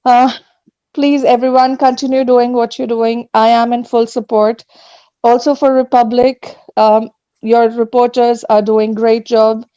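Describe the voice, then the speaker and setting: A woman speaking earnestly and with emotion at an online rally, pausing as she is moved. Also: fairly high pitch, level tone, warm tone, clear, resonant tone, no echo. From Australia. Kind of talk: emotional public statement. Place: home at night. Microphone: video call. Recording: muffled video-call audio.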